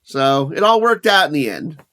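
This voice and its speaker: A man in his thirties co-hosting a podcast, telling a long story in a profane, animated way. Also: fairly high pitch, moderate pace. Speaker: podcast co-host. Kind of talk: casual storytelling chat.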